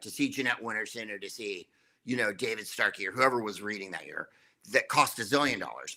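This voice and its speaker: A middle-aged man tells stories with dry wit and throws in quick asides. His voice sits low but has a bright, forceful edge. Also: husky. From United States. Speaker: comedian guest. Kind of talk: anecdotal interview chat.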